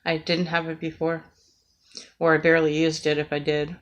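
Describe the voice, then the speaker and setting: A woman's voice: low voice, monotone, normal speed, lo-fi sound. A woman from the United States delivering an earnest, emotional rant, with frequent hesitations and fillers as she talks. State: emotional, near tears. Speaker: vlogger.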